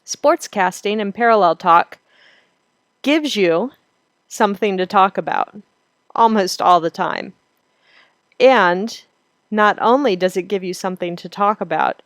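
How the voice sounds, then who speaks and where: A woman instructor explaining child language development in a clear, steady teaching voice. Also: mid-range voice, unhurried, no echo. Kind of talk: recorded lecture.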